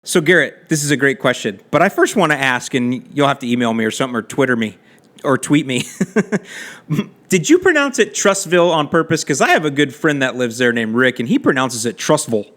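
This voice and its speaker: A man's voice: medium pitch, sing-song, a little fast, a bit bright. A man hosting a casual podcast, answering listener questions with chatty, friendly advice and asides. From Florida. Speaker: podcast host answering lawn care questions.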